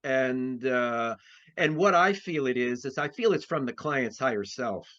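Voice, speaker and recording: A man's voice: medium pitch, animated, unhurried, a bit bright. A man, an astrologer being interviewed, talks in a rambling way with many restarts and fillers. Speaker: astrologer guest. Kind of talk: conversational interview. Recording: dull lo-fi sound.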